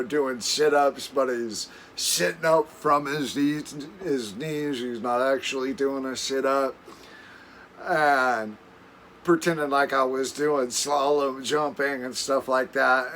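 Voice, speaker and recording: A man recounting camping stories for his vlog from a camper, rambling and chuckling as he goes. He talks slowly, in a bright, forward-sounding voice, often backing up to restart a thought. Faint outdoor ambience sits behind him. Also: mid-range voice, a little hiss or hum. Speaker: camping vlogger. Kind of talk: casual storytelling.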